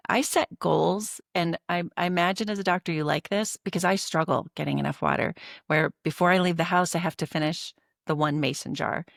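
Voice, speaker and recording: A woman's voice: lowish voice, fairly even intonation, fairly quick, creaky, no room sound, clean studio sound. A woman hosting a podcast interview, asking curious follow-up questions. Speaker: podcast host. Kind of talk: interview conversation.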